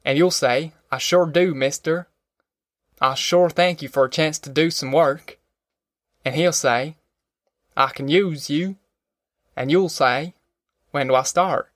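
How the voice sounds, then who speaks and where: A man's voice: on the high side, a bit bright, no echo, clean studio sound. A man voicing a bitter, worn-down male migrant in an audiobook, with a sly, mocking manner and a drawl. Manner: sly, mocking giggles turning grim and weary.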